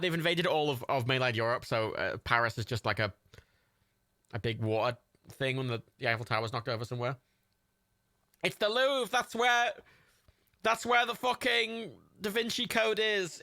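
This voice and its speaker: A man's voice: high voice, creaky, sharp tone, no room sound, studio quality. A man hosting a livestream, giving joking, swearing running commentary while watching a film. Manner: joking, swearing, chatty asides. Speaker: livestream host.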